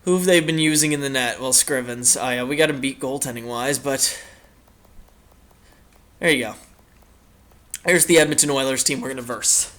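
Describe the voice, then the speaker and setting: A young man with a mid-range, slightly bright voice hosts a gaming channel, casually commenting on a hockey video game at a moderate pace. He rambles, pausing often, with lots of fillers and the occasional swear word.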